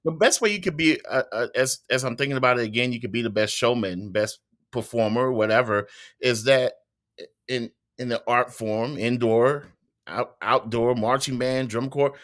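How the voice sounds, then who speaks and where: A man's voice: mid-range voice, moderate pace, a bit bright. A man co-hosting a casual podcast, a band educator who often restarts while thinking aloud.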